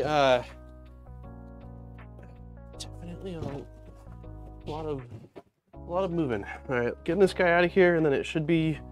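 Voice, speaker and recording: A man hosting a casual live-stream unboxing, thinking aloud and greeting viewers in chat. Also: on the high side. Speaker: streamer host.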